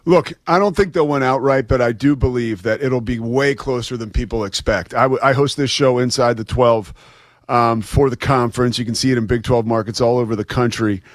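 An enthusiastic man talking college football as a guest commentator, chatty and quick to laugh. His pitch is mid-range for a man, and the sound is dry and close. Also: no room sound. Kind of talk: casual sports talk.

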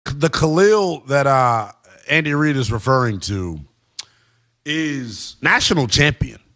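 A man giving an emphatic football analysis monologue, talking straight to his viewers. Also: medium pitch. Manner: emphatic, animated, addresses viewers as guys and y'all. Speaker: sports commentator.

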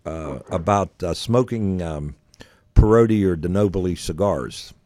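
A man hosts a casual podcast, his voice sitting on the low side. He wanders through stories full of fillers and little laughs. The sound is dry and close, with no room around it. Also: a little slow, warm tone, no echo. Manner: rambling storyteller, many fillers and laughs. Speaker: podcast host. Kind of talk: casual chat.

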